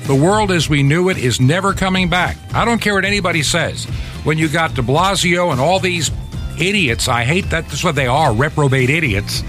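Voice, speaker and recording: A man's voice: a little high, expressive, normal speed, fairly bright tone, faint music behind. Blunt talk radio host man. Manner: blunt, opinionated and plainspoken.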